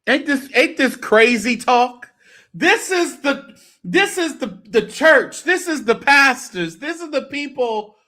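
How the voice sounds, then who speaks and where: A man's voice: extremely high pitch, animated, slow, pushed and bright. A man hosting a church commentary show, reacting to a clip with exasperated, sarcastic asides.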